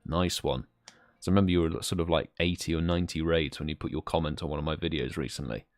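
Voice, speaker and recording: A man's voice: rumbling low, fairly even intonation, fast talker, no echo, studio quality. A young British man hosting a live stream, chatting casually and greeting viewers by name. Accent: British English. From United Kingdom. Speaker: livestream host.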